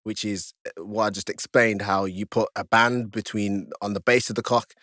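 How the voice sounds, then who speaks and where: A man guest on a podcast, telling a story in casual chat, laughing often and jumping high in pitch as he acts out his own panic. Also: steady tone, moderate pace, sharp tone, dry recording, clean studio sound. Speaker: podcast guest, stripper and fighter.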